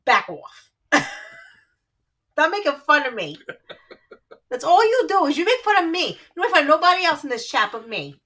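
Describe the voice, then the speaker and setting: A woman's voice: high voice, sing-song, moderate pace, long pauses, bright, forceful tone. A woman from New Jersey with a New Jersey accent, co-hosting a casual livestream with feisty, profane teasing. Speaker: co-host.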